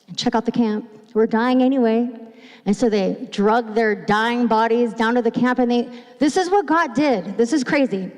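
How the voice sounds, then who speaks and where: A middle-aged woman pastor preaching a sermon in a chatty, conversational way, acting out quoted voices. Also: fairly high pitch. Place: church sanctuary. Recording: long hall reverb.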